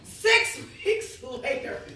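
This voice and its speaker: A woman pastor giving a sermon testimony, telling her story with animated voices and frequent laughter. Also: high voice, extremely slow, a little hiss or hum. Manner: animated storytelling, acts out dialogue, laughs often. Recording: echoey room, from far off.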